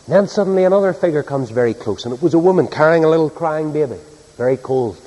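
A man's voice: fairly high pitch, fast talker, warm tone. A man preaching, telling a story in a homely, earnest way. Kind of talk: sermon storytelling. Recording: echoey hall.

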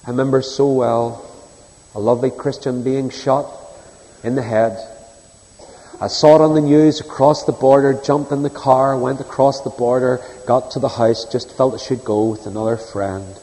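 Male preacher, earnest storyteller, warm mellow voice, long echo of a church hall. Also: mid-range voice, steady tone, moderate pace. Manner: earnest, storytelling, shifts between loud emphasis and soft hush. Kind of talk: sermon.

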